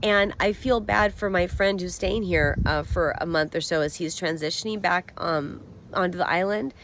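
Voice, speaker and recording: A middle-aged woman speaks to camera in a low-pitched voice. Her talk is earnest and heartfelt, and she rambles with many restarts and fillers. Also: moderate pace, background noise. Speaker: vlogger. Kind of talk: personal monologue to camera.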